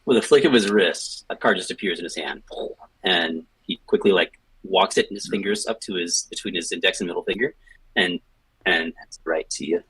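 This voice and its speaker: A male game master talking players through a scene, loose and full of fillers. His voice is deep and a little husky, recorded close and dry. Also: bright, forceful tone, dry recording, low-quality recording. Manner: casual, halting narration with fillers. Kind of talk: narrating a tabletop game.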